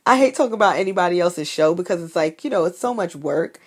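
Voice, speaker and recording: A woman co-hosting a casual chat, talking in an animated, opinionated way and laughing often. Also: lowish voice, fast.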